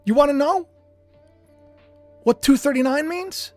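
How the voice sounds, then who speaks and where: Animated man preaching on a livestream. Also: very high voice, unhurried, pauses often, no echo, soft background music. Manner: emphatic, swings from hushed to shouting. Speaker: preacher streaming live.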